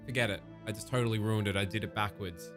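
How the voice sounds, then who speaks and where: A man's voice: fairly low pitch, fairly even intonation, fast talker, music in the background. A man with an Australian accent casually commenting on a game, reading its text aloud and breaking off for jokey, profane asides.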